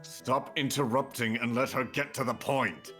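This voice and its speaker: A man's voice: medium pitch, moderate pace, soft background music, natural voice. A man voicing a fawning villain prosecutor. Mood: pompous. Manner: smooth, flattering courtroom speech. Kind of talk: voicing a character in a game playthrough.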